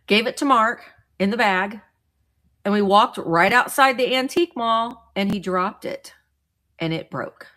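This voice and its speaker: A woman's voice: mid-range voice, a little slow, pushed and bright. Chatty woman hosting a casual livestream. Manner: chatty, greets viewers by name, rambling with restarts. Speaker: vintage seller livestream host.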